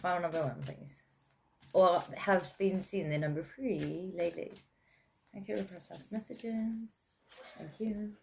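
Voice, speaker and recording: A woman's voice: lowish voice, a little slow, creaky, a little mellow, slight background noise. A woman with an English accent giving a casual, chatty tarot reading, with many fillers and frequent laughs. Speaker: tarot reader.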